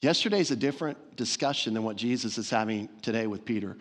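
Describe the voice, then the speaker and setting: A man's voice: on the low side, expressive, quick pace. A man preaching a sermon as pastor, earnest and emphatic, repeating phrases for stress. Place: church sanctuary.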